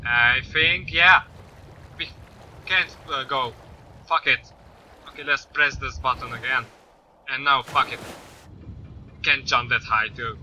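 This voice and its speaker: A man doing let's-play commentary, swearing often and yelling at the game. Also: medium pitch, takes it slowly, long pauses. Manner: swears a lot, yells at the game. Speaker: gaming YouTuber. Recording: slightly dull lo-fi mic with faint noise.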